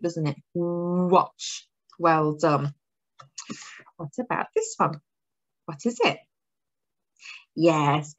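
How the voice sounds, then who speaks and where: A woman's voice: lowish voice, dull audio. A woman teaching a phonics lesson to young children, drawing out her words in a sing-song, encouraging way. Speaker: early years teacher.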